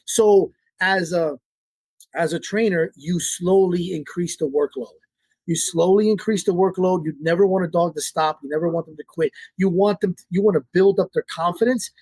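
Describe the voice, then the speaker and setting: Husky high-voiced dog trainer guy, blunt and cussing, dry sound. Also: fairly even intonation, brisk, darkish tone, dry recording. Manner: blunt, profane, repeats his points. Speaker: dog trainer, interview guest. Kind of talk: casual interview talk.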